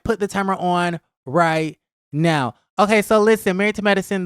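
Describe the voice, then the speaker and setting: A man hosting his own channel, sassy and animated as he fires off rhetorical questions in casual pop-culture commentary. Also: a little high, clean tone, dry recording, studio quality. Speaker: host.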